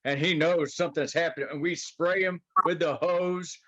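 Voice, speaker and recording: A teasing man with a somewhat high voice banters on a podcast and tells funny family memories. His sound is a little dull and muffled. He jokes easily with his co-host. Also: fairly even intonation, normal speed, pushed and bright. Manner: teasing, joking. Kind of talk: casual banter.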